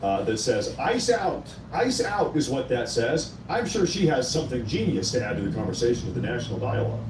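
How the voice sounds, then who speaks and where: A man's voice: mid-range voice, expressive, quick pace, reverberant, far from the mic, noisy background. A man hosting a casual commentary show, opinionated and sarcastic as he reacts to clips. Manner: sarcastic, opinionated, reads quotes aloud. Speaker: show host.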